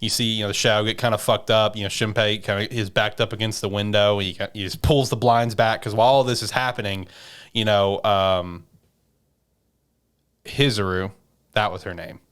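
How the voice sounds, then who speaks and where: A man's voice: lowish voice, steady tone, normal speed, fairly bright tone, smooth. A man hosting a podcast, casually retelling an anime episode in a rambling way with lots of fillers and swearing. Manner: rambling, filler-heavy storytelling with profanity. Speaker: podcast host.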